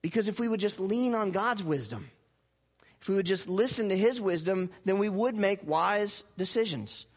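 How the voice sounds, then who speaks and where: A male pastor preaching a sermon, putting questions to his congregation and asking them to repeat lines back, swinging from loud emphatic lines to low, quiet ones. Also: animated, moderate pace. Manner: rhetorical questions and call-and-response with the congregation.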